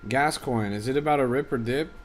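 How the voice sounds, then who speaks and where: A man's voice: mid-range voice, fairly quick, a little hiss or hum. A man streaming as a crypto trader, giving casual, offhand livestream commentary that is often profane as he reads and answers his chat.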